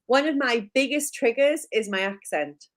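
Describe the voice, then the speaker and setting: A co-host from Newcastle, England, with a Geordie accent, tells stories in a chatty live chat, saying "like" a lot and laughing at herself. Her voice is on the high side at a moderate pace.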